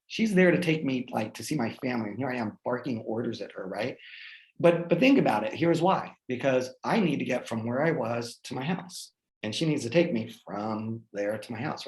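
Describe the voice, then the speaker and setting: A man in his forties, a guest speaker, telling a personal story in an animated way with many fillers and restarts. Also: medium pitch, echoey room, poor audio. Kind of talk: personal storytelling in a group talk.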